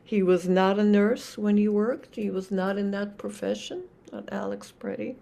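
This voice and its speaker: An older woman, a Zen teacher, giving a reflective dharma talk with many pauses and restarts. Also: mid-range voice, level tone, creaky, mellow.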